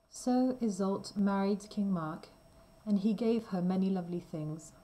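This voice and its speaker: A woman reading a simple storybook aloud slowly and clearly for language learners. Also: medium pitch, mellow, poor audio. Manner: careful, deliberate reading. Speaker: reader.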